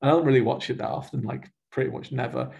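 A man's voice: medium pitch, fast talker, creaky, lo-fi sound. A man with a Mancunian accent hosting an author interview over a video call, chatty and rambling. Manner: chatty, rambling, animated with hands. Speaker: podcast host.

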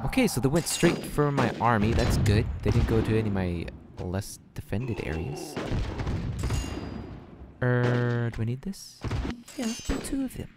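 A young man talks his way through a strategy game in a casual let's-play, flustered and self-mocking, full of fillers and half-finished thoughts. His pitch jumps around a lot, and clear music plays behind him. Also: lively intonation, a little slow. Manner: flustered, self-deprecating, thinks out loud with many fillers. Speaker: gaming channel host.

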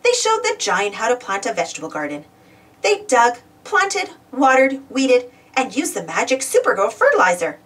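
A woman reading a children's storybook aloud with expressive, lively narration. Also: fairly high pitch, moderate pace. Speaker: storybook reader. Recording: voice distant from the mic.

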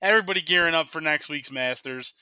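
A man's voice: fairly high pitch, pushed and bright, smooth, dry recording. A man hosting a casual sports betting podcast, leading the picks and joking with his co-hosts. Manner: leads the segment, quick and joking. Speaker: podcast host running the picks.

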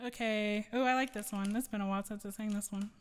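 Woman, live streamer, casual rambling chat, smooth voice, long reverb. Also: mid-range voice, fairly even intonation, fast talker. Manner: rambling, chatty, laughs often. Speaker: streamer and singer. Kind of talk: casual chat with song requests.

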